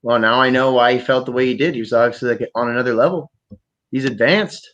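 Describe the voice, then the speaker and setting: Canadian guy hosting a podcast, rambling and swearing a lot, mid pitch voice. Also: quick pace, muffled recording. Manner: rambling, profane, animated storytelling. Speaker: podcast host. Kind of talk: casual chat.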